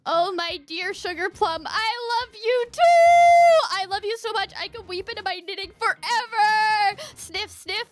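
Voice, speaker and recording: A woman's voice: very high-pitched, animated, unhurried, pitched above the performer's own voice. Woman putting on a gushing old grandma. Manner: over-the-top, sobbing, gushing delivery. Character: gushing, sentimental elderly grandmother.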